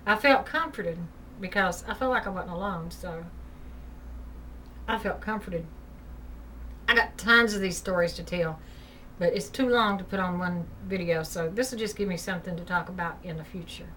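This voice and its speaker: A woman's voice: on the low side, moderate pace, pushed and bright. Woman, chatty ghost-story vlog, filler-heavy storytelling, faint hiss behind her. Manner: chatty, rambling, fills with "you know". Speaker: vlogger telling ghost stories. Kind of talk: casual spoken storytelling. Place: at home. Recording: distant mic, faint background hiss.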